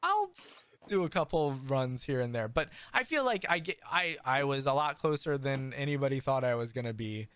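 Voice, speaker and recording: Male game master in his thirties, mid-pitched, rambling and halting; casual live-play chat. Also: sing-song, fairly bright tone, smooth. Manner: rambling, halting, self-interrupting.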